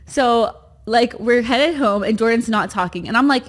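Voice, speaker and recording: A pregnant woman co-hosting a podcast, chatting casually in an animated, mock-indignant way that keeps breaking into laughter. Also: on the high side, normal speed. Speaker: podcast co-host. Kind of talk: casual chat.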